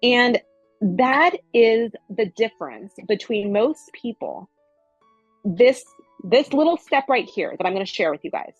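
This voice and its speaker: A woman's voice: on the high side, expressive, unhurried, husky, dry recording, dull audio, faint music behind. A middle-aged woman giving a casual spiritual coaching talk, earnest and repeating phrases for emphasis.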